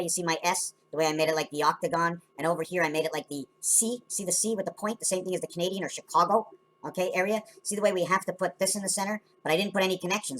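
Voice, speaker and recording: Lady with a low voice going on fast about her drawings, kinda rambly. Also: fairly bright tone, slight background noise. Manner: loose, wandering talk, often tagging "right?". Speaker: video maker explaining her drawings. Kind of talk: rambling casual explanation.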